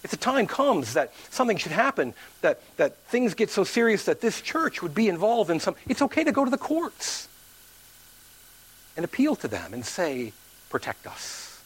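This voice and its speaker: A man's voice: moderate pace, husky. A man preaching a sermon to his church, telling a story and acting out the people in it. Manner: animated preaching, acts out quoted voices with big pitch swings. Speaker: pastor.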